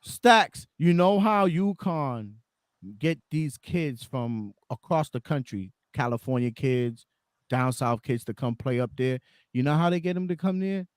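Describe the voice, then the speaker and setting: A man with a Boston accent hosting a casual sports podcast, animated and quick to agree, often repeating his words. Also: fairly high pitch, clear, resonant tone. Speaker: podcast host.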